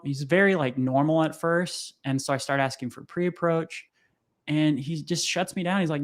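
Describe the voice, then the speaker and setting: Man, young adult, podcast guest, casual storytelling, slightly high voice, animated. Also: moderate pace. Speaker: podcast guest, sales coach.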